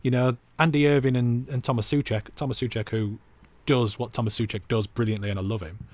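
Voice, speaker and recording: A man's voice: medium pitch, steady tone, brisk, darkish tone, no echo. A man co-hosting a football podcast, chatting casually and rambling with self-mocking asides. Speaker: podcast co-host.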